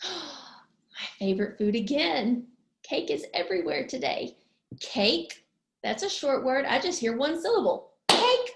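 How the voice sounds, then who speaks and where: A woman teaching young children a lesson, slowly stretching words out syllable by syllable. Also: high-pitched, expressive, reverberant, a little hiss or hum. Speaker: preschool teacher.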